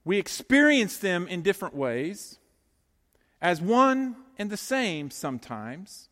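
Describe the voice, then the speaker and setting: A middle-aged man delivers a sermon from a church sanctuary, and his voice sits high for a man. He tells stories with lively humor and speaks straight to the congregation. The sound rings with the long reverb of a large hall. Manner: lively, joking storyteller who talks straight to the congregation. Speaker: pastor.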